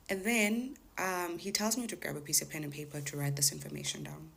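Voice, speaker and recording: A woman's voice: lowish voice, brisk, vocal fry, breathy edge. A woman telling a casual storytime monologue to her followers, acting out the lines of the people in her story. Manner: animated retelling, acting out the callers' lines in quoted voices. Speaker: TikTok storyteller.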